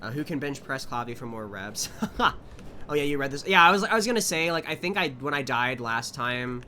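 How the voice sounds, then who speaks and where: A man giving chatty, animated commentary as he streams a game live and talks to his chat. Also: mid-range voice, a little fast, a little hiss or hum.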